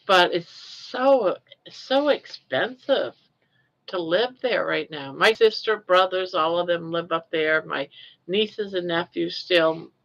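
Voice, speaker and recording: An older woman from Southern Maine hosting a casual livestream chat from her home office, cooing softly to her pet between talking with viewers. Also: fairly low pitch, slow pace, creaky, highs cut off. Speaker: livestream host.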